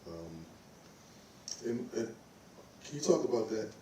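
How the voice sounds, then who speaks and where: Low, mellow-voiced male host in a hall. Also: slight background noise. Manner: relaxed, encouraging, slow questions with fillers. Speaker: host, pianist and program director. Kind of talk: interviewing on stage. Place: recital hall on stage. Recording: echoey recital hall, mic from a distance.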